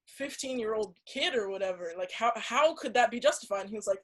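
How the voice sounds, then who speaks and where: Young woman on a podcast, halting and earnest, keeps restarting, mid pitch. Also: fairly bright tone, rough recording. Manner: halting, many restarts and "like" fillers; earnest storytelling. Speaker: podcast guest. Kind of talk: casual conversation.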